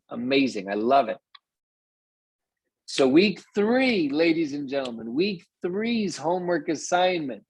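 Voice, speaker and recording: A man's voice: medium pitch, a little mellow, husky, no echo. A man hosting a group coaching call over video, upbeat and encouraging as he speaks directly to the group.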